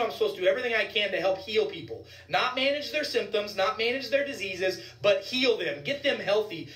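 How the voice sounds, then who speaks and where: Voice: mid-range voice, fairly bright tone, far from the mic. A physician giving heated vlog commentary, indignant and ranting, repeating points for emphasis. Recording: echoey room, voice set back from the mic.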